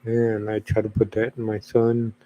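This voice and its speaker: A father talking casually to camera, halting and slow, with many fillers and pauses. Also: on the low side, completely flat delivery, dark tone, a little hiss or hum. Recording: dull lo-fi recording.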